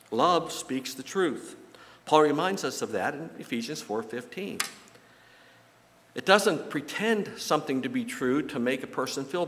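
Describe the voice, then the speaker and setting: A man giving a sermon in a church, telling folksy stories and jokes with halting repeats. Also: a little high, fairly bright tone. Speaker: pastor. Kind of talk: sermon with anecdotes. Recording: long reverb from a large hall.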